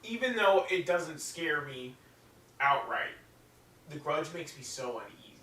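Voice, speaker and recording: A man with a lively, up-and-down voice chimes in with profane exclamations during casual podcast chat. He sits back from the mic in an echoey room, with faint noise in the background. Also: on the high side, a little slow, far from the mic. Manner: reacts with swearing exclamations. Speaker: podcast co-host.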